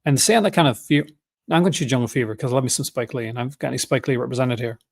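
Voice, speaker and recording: A man's voice: mid-range voice, very fast, vocal fry. A man hosting a casual livestream, rambling enthusiastically and often correcting himself mid-sentence. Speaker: host.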